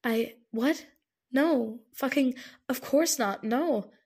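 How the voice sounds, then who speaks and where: A woman's voice: a little high, fairly even intonation, unhurried, a little mellow. A woman reading an audiobook, voicing an agitated, grieving young man who snaps and curses. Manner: snapping, exasperated, curses often. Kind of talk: audiobook character voice.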